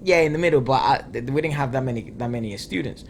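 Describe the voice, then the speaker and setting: A man's voice: mid-range voice, fast, creaky, slight background noise. A young man whose first language is Spanish, telling a long story in a casual chat and rambling along with lots of "like" fillers. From Latin America. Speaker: reaction video co-host.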